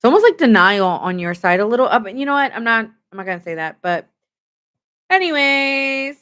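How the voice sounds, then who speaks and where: A woman's voice: fairly high pitch, sing-song, fairly quick, a bit bright, clear, resonant tone. Chatty woman giving a tarot reading. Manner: chatty, lots of "like" fillers, talks straight to viewers. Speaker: tarot reader. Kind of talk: casual live tarot reading.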